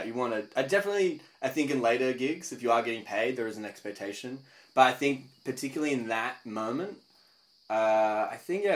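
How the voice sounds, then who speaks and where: A young man, a comedian talking as a podcast guest, telling a story in a rambling, animated way. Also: mid-range voice. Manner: rambling, animated storytelling with laughs and voiced asides. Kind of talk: casual interview chat.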